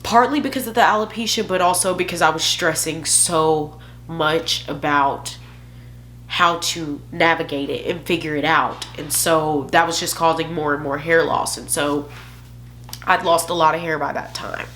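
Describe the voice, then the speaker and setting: A woman's voice: low voice, fairly even intonation, moderate pace, a bit bright, slight background noise. A young woman vlogger telling a candid, emotional personal story, joking at her own expense.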